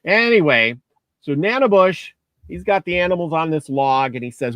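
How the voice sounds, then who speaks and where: A man's voice: fairly high pitch, lively intonation, moderate pace, fairly bright tone, no echo. Folksy male storyteller, dry sound. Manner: casual, folksy, restarts phrases. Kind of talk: casual storytelling.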